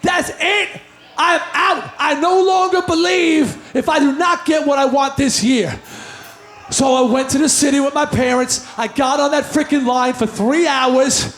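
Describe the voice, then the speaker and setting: A man fronting a band, telling a loud, energetic story to a crowd from a car show stage before a song, in an echoey live recording with music behind. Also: very high-pitched, measured pace, a little hiss or hum.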